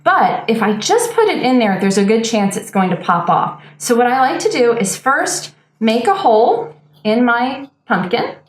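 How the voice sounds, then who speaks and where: A woman's voice: a little high, big pitch swings, moderate pace, echoey room. A woman hosting a lifestyle show, giving an upbeat, casual how-to demonstration while she works with her hands. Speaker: show host demonstrating a planter DIY.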